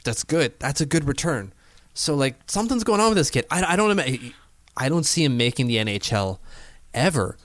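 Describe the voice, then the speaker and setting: A man's voice: medium pitch, sing-song, fairly quick, fairly bright tone, no echo, studio quality. A man co-hosting a casual sports podcast, rambling and hedging as he talks. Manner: rambling, hedging, lots of fillers and restarts. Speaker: podcast co-host.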